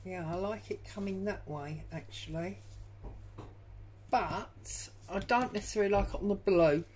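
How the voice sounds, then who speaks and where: A woman's voice: mid-range voice, unhurried, background noise. A woman hosting a crafting tutorial from her home craft room, chatting and thinking aloud as she works. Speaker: junk journal crafter and channel host.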